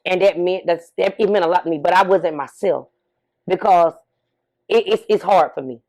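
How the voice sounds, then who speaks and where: As an interview guest, this middle-aged woman, a bereaved mother, talks candidly and emphatically, repeating herself and asking rhetorical questions. Her voice is fairly low with a darkish tone and a normal pace.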